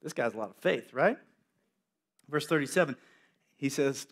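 A male preacher giving a sermon, telling a story in an animated way with acted-out voices. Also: medium pitch, normal speed, long pauses, slightly rough.

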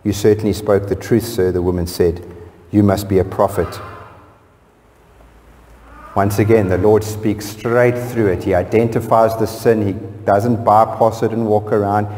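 A man, a pastor from South Africa, preaching a sermon and reading scripture aloud, his voice rising sharply and growing louder on key phrases. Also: flat delivery, a little slow, a little hiss or hum. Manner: preaching with sudden rises in pitch and force on key phrases. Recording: long church reverb.

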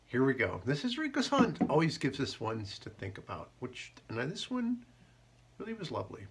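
A man hosting a live haiku show, chatting casually and joking, and reading poems slowly. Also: medium pitch, wildly swooping pitch, husky. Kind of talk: casual live-stream chat.

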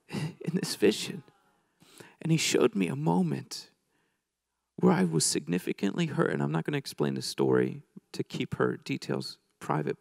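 A man's voice: a little high, vocal fry, dry recording, clean studio sound. A middle-aged man preaching a sermon, telling a story in a casual, joking way with many restarts.

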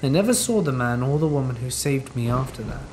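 A man's voice: mid-range voice, slight background noise, poor audio. Man narrating horror over rain. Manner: measured, steady storytelling. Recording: rain sounds under the narration.

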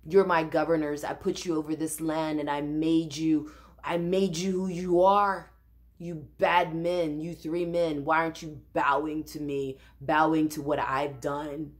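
A woman voicing an angry, domineering ancient king, speaking in a slow, drawn-out, scolding way while dramatizing scripture. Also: low-pitched, flat delivery.

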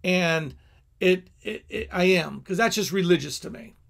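Gravelly high-voiced male pastor. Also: unhurried, a bit bright. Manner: candid storytelling, frequent restarts and asides. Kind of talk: teaching talk to camera.

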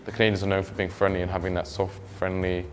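Man, very low voice, hesitant, searching for words, clear guitar music behind. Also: completely flat delivery, quick pace. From England. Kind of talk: blindfolded guessing interview.

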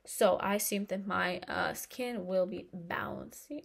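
Slow, soft-spoken woman in ASMR role-play. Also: on the low side, vocal fry, slight background noise. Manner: chatty, rambling, affectionate. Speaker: ASMR creator.

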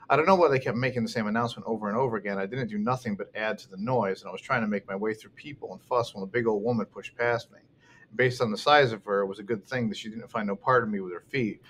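Reading a first-person novel aloud as an audiobook narrator, a man tells it expressively with a lowish, fairly bright voice and the occasional restart. There's slight background noise.

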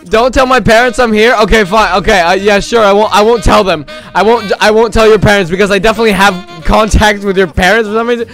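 A man's voice: sits high, fairly even intonation, fast talker, hardly any pauses, a bit bright, faint music behind. A man live-streaming and chatting with his viewers, greeting them by name and playing up mock shock with sarcastic exaggeration. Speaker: livestreamer. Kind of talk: casual live-stream chat.

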